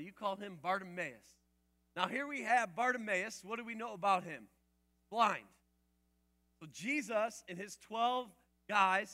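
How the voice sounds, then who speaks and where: Bright, high-voiced conversational male preacher. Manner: conversational, asks the audience questions; swings between quiet asides and loud emphatic outbursts. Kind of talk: sermon.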